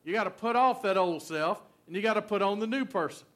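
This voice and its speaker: A man's voice: sits high, quick pace, fairly bright tone. A man preaching a sermon in a folksy, conversational way, full of fillers and asides. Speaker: pastor.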